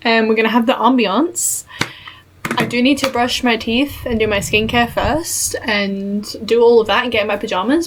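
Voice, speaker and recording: A young woman talking to her camera at home in a casual reading vlog, excitable and gushing, swearing casually. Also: on the high side, moderate pace, a little hiss or hum, low-quality recording. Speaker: book vlogger. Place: at home indoors. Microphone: camera mic.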